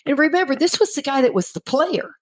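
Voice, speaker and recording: A woman's voice: high voice, big pitch swings, brisk, rough recording. Candid middle-aged woman telling her story. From Texas. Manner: candid storyteller, acts out quoted dialogue. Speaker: guest speaker in recovery. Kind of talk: personal recovery testimony.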